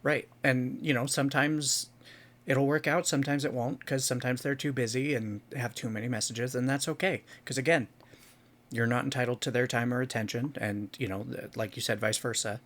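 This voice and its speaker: A man's voice: mid-range voice, fairly even intonation, normal speed, a bit bright. A man co-hosting a casual podcast, earnest and chatty, who leans on "like" a lot and swears casually. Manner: earnest, filler-heavy with frequent "like", swears casually. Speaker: podcast co-host.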